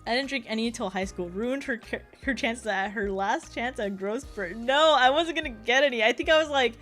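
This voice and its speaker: A young woman streaming casually as a VTuber, talking fast and rambling with frequent giggles and lots of fillers. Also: fairly high pitch, a bit bright, faint music behind.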